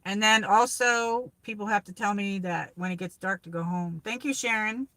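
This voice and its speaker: Driving in her car, a chatty, rambling woman with a New York accent talks live with viewers and reads their comments out loud. The recording is dry and close with no room sound, and her mid-range voice comes across bright and forward at normal speed.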